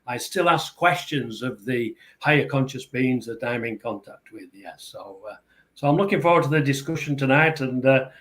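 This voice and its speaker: A man's voice: mid-range voice, animated, normal speed, a bit bright. Older Yorkshire man, hesitant. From England. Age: 70s. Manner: hesitant, many filler uhs. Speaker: guest. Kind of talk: podcast interview.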